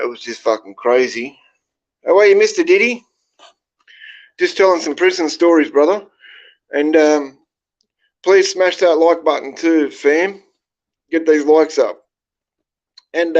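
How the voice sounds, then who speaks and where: An Australian man hosting a livestream, spinning crude tales full of swearing and endless "right?" check-ins. His voice sits in an ordinary middle pitch, and the audio comes through dull and lo-fi. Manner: heavy swearing, rambling, keeps checking in with "right?". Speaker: livestream host. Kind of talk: casual storytelling to a live chat.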